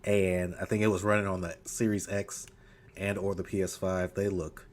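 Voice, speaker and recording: Male podcast co-host, low-pitched voice, easygoing and chuckly. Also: level tone, normal speed. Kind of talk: casual chat.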